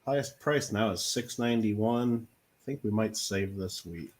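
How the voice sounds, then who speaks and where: A playful co-streamer chats casually while playing a farming game, laughing often. His voice sits on the low side and he speaks unhurriedly.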